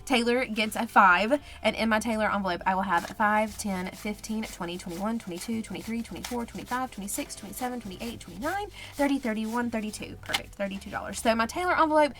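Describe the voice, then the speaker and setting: A woman budgeting vlogger chatting casually and counting cash in a quiet, murmured voice. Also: a little high, fast, hardly any pauses. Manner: chatty, counts money under her breath.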